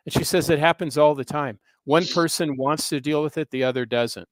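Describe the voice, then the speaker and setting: A man's voice: fairly high pitch, brisk, no echo. A man in his sixties, a guest on an interview show, telling a personal story in an earnest, rambling way with frequent hesitations. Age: 60s. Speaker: guest, history professor and author.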